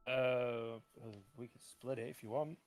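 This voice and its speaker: A man playing a tabletop game, jokey and thinking out loud. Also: mid-range voice, steady tone, measured pace, dry recording, soft background music. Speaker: player. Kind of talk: casual tabletop game chat.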